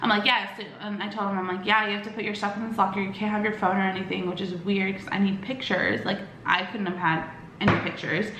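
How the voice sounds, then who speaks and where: A woman's voice: mid-range voice, flat delivery, fairly bright tone, reverberant, slight background noise. A young woman vlogger telling a personal story in casual chat, rambling with lots of fillers and acting out quoted lines. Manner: acts out quoted lines with quick voice shifts.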